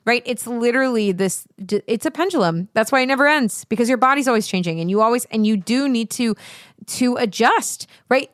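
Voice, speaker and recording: Woman voice coach, casual and animated, salty language, smooth clear voice, close dry mic. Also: mid-range voice, no echo. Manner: chatty, animated, swears freely, jumps between asides. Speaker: voice teacher and show host. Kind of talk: casual spoken lesson.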